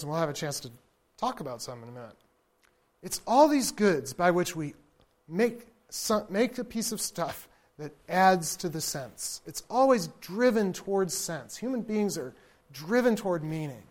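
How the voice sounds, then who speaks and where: In a lecture delivered at a moderate pace, a man with a voice on the high side talks loosely to his audience, checking that they agree. He's lively and chuckles at his own asides, now and then babbling like a baby to drive a point home.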